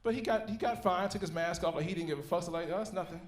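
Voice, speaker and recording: A man in his thirties with a high-pitched voice performs a stand-up set on a comedy club stage, talking at a quick pace. His storytelling is profane, animated, and full of laughs, and the live club recording sounds roomy.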